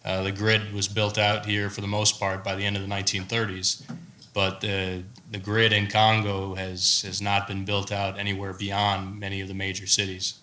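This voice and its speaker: An American man, a startup founder on a panel, giving a measured, explanatory answer. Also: fairly low pitch, slight background noise. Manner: measured, explanatory, steady delivery.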